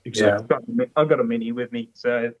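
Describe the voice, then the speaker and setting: Male caller, mid pitch, muffled line, brief agreeable answers. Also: fairly quick, a crowd in the background. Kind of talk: casual chat.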